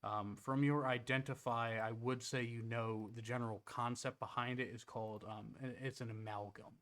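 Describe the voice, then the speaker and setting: A man's voice: mid-range voice, fairly even intonation, moderate pace, fairly bright tone. Casual male game master. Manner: casual, hesitant with fillers. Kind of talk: narrating a tabletop game.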